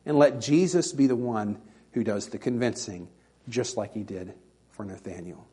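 Pastor, male, husky timbre, conversational sermon delivery with playful quoted voices. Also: fairly low pitch, moderate pace. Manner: folksy storytelling with animated quoted voices.

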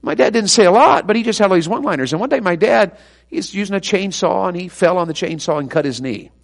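A man preaching a sermon, telling stories and swinging from loud emphatic cries to quiet, low asides. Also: lively intonation, quick pace, gravelly.

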